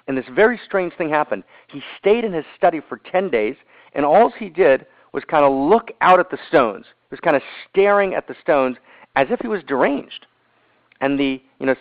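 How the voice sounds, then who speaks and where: A man's voice: medium pitch, no echo. A man leading a group call as a spiritual teacher, telling a story with emphatic repeated phrases and frequent "you know" and "right?". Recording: tinny phone-line audio, dry.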